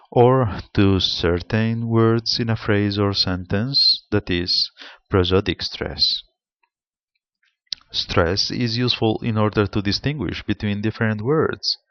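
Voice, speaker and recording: Slow, measured Spanish-accented male lecturer. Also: on the low side, dry recording. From Spain. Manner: slow, deliberate, explanatory delivery. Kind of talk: seminar lecture on pronunciation. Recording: slightly dull lo-fi sound.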